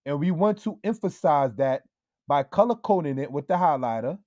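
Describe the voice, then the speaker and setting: A man teaching Hebrew in a slow, deliberate lesson style, often checking in with "all right?" and calling his viewers family. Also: fairly high pitch, lively intonation, darkish tone, no echo, studio quality. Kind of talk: slow screen-share language lesson.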